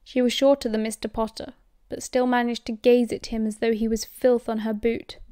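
A woman with a British accent reading audiobook narration at a steady, measured pace. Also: a little high, dry recording, studio quality. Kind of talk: scripted narration.

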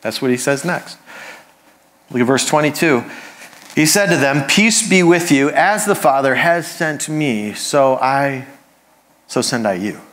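A man's voice: medium pitch, animated, a little slow, a bit bright. A man, a pastor, preaching a conversational sermon with humorous asides.

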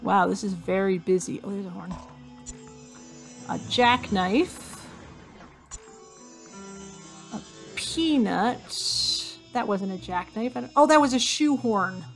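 A woman narrates her own game, thinking aloud as she hunts for items. She speaks slowly and unhurriedly, in a middling voice. Faint music plays under her. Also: medium pitch, animated, creaky. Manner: slow, musing, talks to herself while searching. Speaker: gamer. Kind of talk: casual let's-play commentary.

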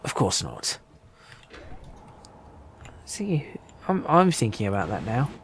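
A man's voice: fairly low pitch, wildly swooping pitch, slow pace, a little hiss or hum. A man hosting a multiplayer game session, musing half to himself while he builds. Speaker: host. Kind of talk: casual gaming chat.

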